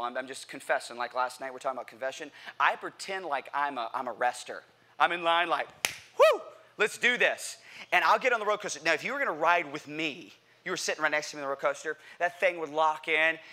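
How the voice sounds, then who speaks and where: Man, pastor, sermon in church, high bright voice, animated, playful, asks the congregation questions. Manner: animated, playful, acts out quotes; addresses congregation directly with questions. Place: church sanctuary.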